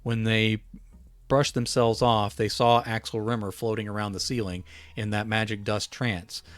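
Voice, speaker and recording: Low-voiced man reading his story. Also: normal speed, no room sound. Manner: relaxed reading with small self-corrections.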